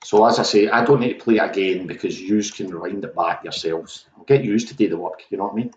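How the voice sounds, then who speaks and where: Man hosting a pub quiz, low voice, chatty and self-mocking, muffled echoey room. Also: quick pace. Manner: chatty, self-mocking, talks to viewers directly.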